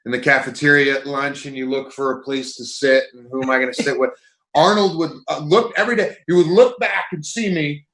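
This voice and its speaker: A man guest telling lively anecdotes in a casual chat over a video call, laughing as he goes. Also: fairly high pitch, roomy sound, poor audio. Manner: animated anecdote-telling, laughs mid-sentence. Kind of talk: casual storytelling.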